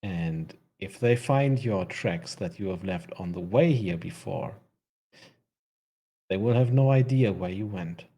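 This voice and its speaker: A man's voice: sits low, lively intonation, a little slow, dark tone, husky. A man narrating a tabletop fantasy game as game master, often laughing as he describes the scene.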